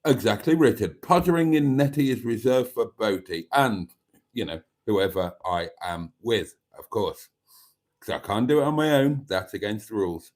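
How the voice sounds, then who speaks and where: A man's voice: fairly low pitch, animated, moderate pace. A man hosting a live stream, reading out viewer comments with wry, self-mocking asides. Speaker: channel host.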